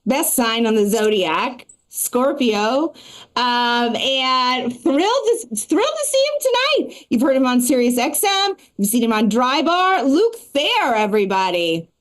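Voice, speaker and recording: A woman performing a stand-up comedy set and hosting a live show, talking in a quick, chatty way full of asides. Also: on the high side, animated.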